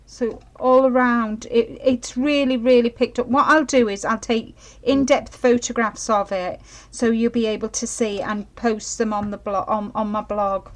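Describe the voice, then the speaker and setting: Slow, chatty woman demonstrating crafts. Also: fairly high pitch, fairly even intonation, rough recording. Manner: chatty, apologetic, keeps checking viewers can see.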